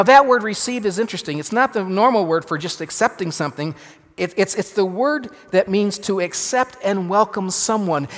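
A man, a pastor, preaching a sermon with emphatic swings between loud and hushed delivery. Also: high voice. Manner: emphatic, dramatic shifts in loudness. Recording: long reverb of a large hall.

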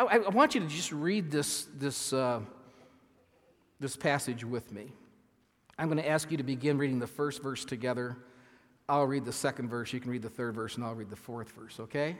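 Earnest pastor preaching in a reverberant hall. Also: male voice, mid-range voice, fairly bright tone. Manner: earnest, halting with frequent restarts, reading scripture slowly with emphasis. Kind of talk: sermon.

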